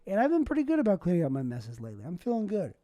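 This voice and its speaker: A man's voice: sits high, wildly swooping pitch, very fast, mellow, no room sound, muffled recording. A young man, a stand-up comic, hosting a solo podcast in a rambling, self-deprecating way. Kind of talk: casual solo podcast monologue.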